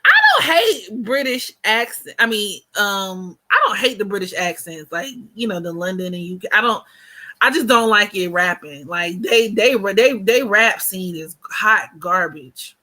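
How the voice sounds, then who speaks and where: A woman's voice: medium pitch, lively intonation, measured pace, bright, forceful tone. An American woman in her thirties hosting a casual livestream chat, blunt, slangy and joking as she talks. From United States. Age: 30s. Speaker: host.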